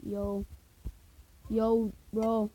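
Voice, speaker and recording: A woman's voice: mid-range voice, monotone, extremely slow, warm tone, poor audio. A woman gaming YouTuber talking casually over her gameplay, playful and goofy, prone to silly outbursts and singing.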